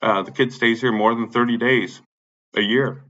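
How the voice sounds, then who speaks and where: Cursing at nearly every turn, a tenant from Illinois vents about his apartment complex at a moderate pace with fairly even intonation. He's agitated, admits to being high, and his forceful, bright-edged voice comes through a somewhat muffled lo-fi recording.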